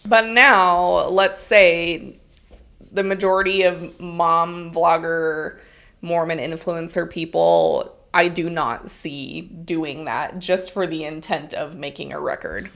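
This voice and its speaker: Casting: lower-voiced woman, podcast co-host, gravelly and conversational. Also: fairly even intonation, takes it slowly, a bit bright. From Utah, United States. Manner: chatty, frequent "um" and "like". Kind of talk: casual chat, reading from an article.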